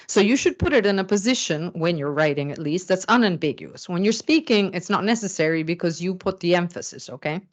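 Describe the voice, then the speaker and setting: A middle-aged woman teaching a writing class, explaining step by step and often checking in with "okay?". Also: on the low side. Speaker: writing instructor. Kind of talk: recorded classroom lecture.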